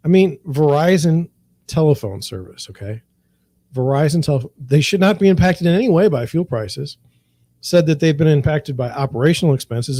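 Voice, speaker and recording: A man's voice: medium pitch, mellow, dry recording. A middle-aged man, a real estate broker, talking candidly and with frustration, repeating himself and restarting his sentences. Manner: frustrated, repetitive, rambling with restarts. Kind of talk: candid monologue to camera.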